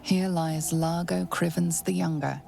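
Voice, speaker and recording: A woman voicing a dry game narrator who reads grave inscriptions in a deadpan, unimpressed way. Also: on the low side, unhurried, gravelly, faint music behind. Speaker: game narrator reading tombstones.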